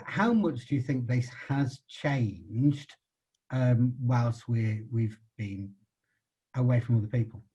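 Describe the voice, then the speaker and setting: Husky man hosting a webinar. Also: medium pitch, warm tone. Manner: asks measured, halting questions. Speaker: host. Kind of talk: webinar interview. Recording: dull lo-fi online call audio.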